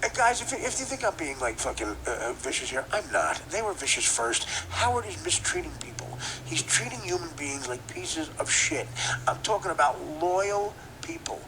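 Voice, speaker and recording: A man's voice: on the high side, big pitch swings, normal speed, sharp tone, slight background noise, low-quality recording. A man hosting a podcast, riffing through a profane comedic rant and laughing at his own jokes. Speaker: podcast host.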